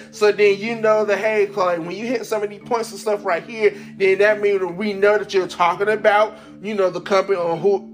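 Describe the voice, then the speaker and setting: High-voiced man telling a laughing story. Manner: animated, laughs often, acts out quoted voices. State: congested from sinuses. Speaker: podcast host. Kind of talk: casual storytelling monologue.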